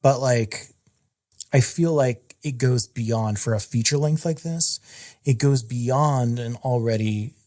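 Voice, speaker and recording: A man co-hosts a horror movie podcast in a loose, casual chat. He reads out background facts and then riffs on them, piling up filler words. His voice sits at an ordinary middle pitch. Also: slow pace, warm tone. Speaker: podcast co-host.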